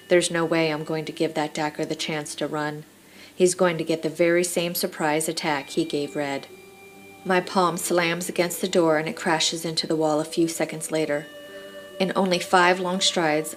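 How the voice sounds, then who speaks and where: A woman reading a first-person audiobook with measured, dramatic storytelling. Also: low-pitched. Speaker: audiobook narrator.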